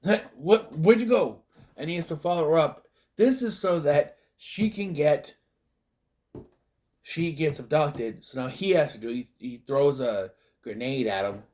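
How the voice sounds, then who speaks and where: A man recapping a movie in a loose, casual way, often slipping into quick put-on voices to act out the scenes. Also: on the high side, a little mellow. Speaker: movie reviewer.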